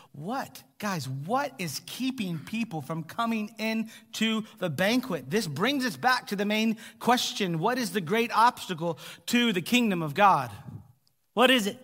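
A male pastor with an American accent preaching a sermon, animated, sometimes dropping to a near whisper. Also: high voice, unhurried, in a large hall.

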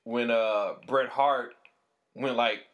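A man chatting casually on a podcast, making halting remarks that trail off and chuckling often. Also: medium pitch, fairly even intonation, fairly bright tone, dull audio. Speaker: podcast co-host.

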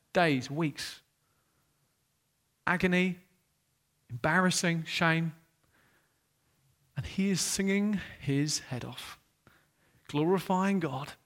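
Male preacher, high lively voice, dramatic shifts between soft quotes and loud exclaims. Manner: animated, swinging from hushed quoted asides to loud exclaiming. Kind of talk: sermon.

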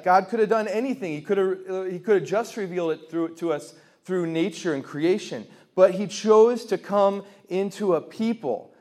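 Animated man giving a faith talk. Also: high voice. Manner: animated storytelling, rhetorical questions, repeated refrains. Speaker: speaker at a faith gathering. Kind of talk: lively faith talk to a live audience.

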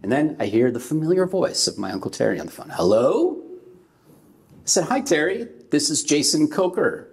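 A man's voice: fairly high pitch, big pitch swings, moderate pace, gravelly, a little mellow. A middle-aged man from California preaching a sermon, telling a personal story and acting out the voices in it. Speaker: pastor.

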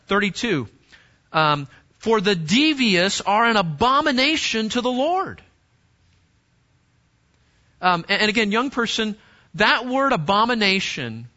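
Emphatic preacher man, high bright voice. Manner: emphatic, repeats words, restarts. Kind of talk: sermon to teenagers. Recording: dull lo-fi sound.

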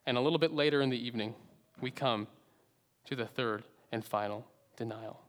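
A man preaches an earnest, dramatic sermon at a fairly quick pace, rising to loud emphasis before dropping to hushed, low endings. His middle-pitched voice rings with a long reverb, as if in a large church sanctuary.

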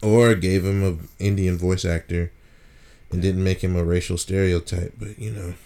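A man's voice: deep voice, steady tone, normal speed, mellow. A man co-hosting a podcast, chatting loosely and joking with plenty of swearing. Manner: loose, profane, joking banter. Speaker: podcast co-host. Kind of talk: casual chat.

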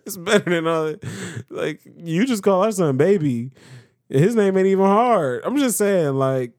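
A man's voice: high-pitched, lively intonation, a little slow, a little mellow, no room sound, clean studio sound. A man co-hosting a podcast, talking in a casual, exasperated way and laughing through his protests. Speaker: podcast co-host. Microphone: podcast microphone.

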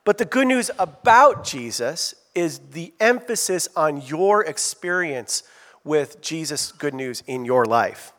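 High-voiced pastor preaching in a reverberant hall. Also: male voice, slow. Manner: animated, asks the congregation to call out answers. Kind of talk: sermon. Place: church sanctuary. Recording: long reverb of a church hall.

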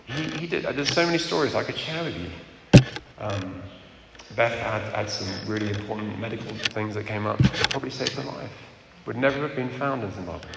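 Earnest preacher in an echoey hall. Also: male voice, lowish voice, a little fast, vocal fry. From England. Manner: earnest and candid, often checks in with "okay?". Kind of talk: sermon. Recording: echoey hall with background noise.

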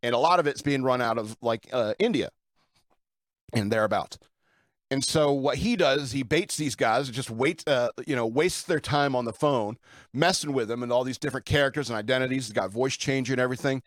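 A man's voice: mid-range voice, brisk, no room sound, clean studio sound. A man hosting his own show, talking in an irreverent, rambling way with fillers and chuckles. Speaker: podcast host. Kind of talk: casual rambling monologue.

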